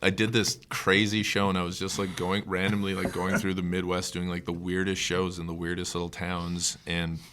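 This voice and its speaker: A man's voice: sits low, completely flat delivery, moderate pace, hardly any pauses, slight background noise. A young man from Canada, a guest comedian telling road stories in casual podcast talk, rambling with lots of fillers and acting out hecklers. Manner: rambling, filler-heavy, acts out hecklers' shouts.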